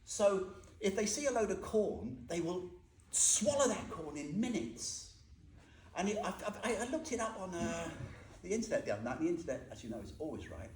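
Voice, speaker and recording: This Buddhist teacher has a high, darkish voice with big swings in pitch and talks at a normal speed. His informal dharma talk to a group is chatty and humorous, full of questions for the audience, recorded in an echoey room with a little noise.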